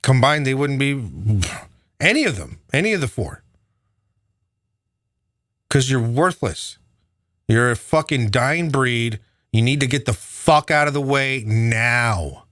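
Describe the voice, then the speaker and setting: A man's voice: fairly low pitch, animated, measured pace, pauses often, no echo, clean studio sound. A man delivering an angry, profane political rant, heated and sneering. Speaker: political commentator.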